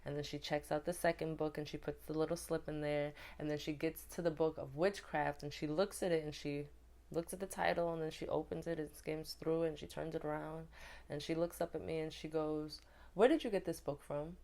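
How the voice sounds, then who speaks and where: Woman, low pitch, chatty storyteller, fillers, from new york. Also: fairly quick, gravelly. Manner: chatty, animated retelling with many fillers. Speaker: vlogger. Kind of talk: casual storytime.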